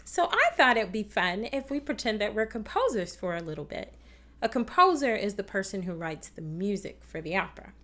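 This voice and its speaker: On a children's TV music lesson about opera, a woman speaks a little fast in a mid-range voice that's pushed and bright, with big pitch swings. She stays patient and encouraging with the kids watching at home.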